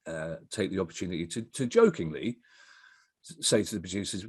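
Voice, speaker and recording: A man's voice: low voice, lively intonation, brisk, a little mellow, slightly rough, dry recording, studio quality. A middle-aged man, a comedy writer chatting as a guest, telling stories in a rambling way and often restarting his sentences. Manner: rambling anecdotal storyteller, self-interrupting. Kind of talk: casual interview chat.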